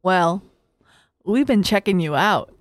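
A woman voicing a male prison inmate who pushes a newcomer, read loud and hammy in a noisy room. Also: fairly low pitch, animated, takes it slowly, no echo. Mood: menacing mock.

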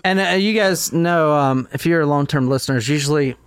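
A man's voice: a little high, moderate pace, smooth, no echo, studio quality. A man hosting a casual podcast, rambling, swearing and laughing as he tells the story. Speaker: podcast host.

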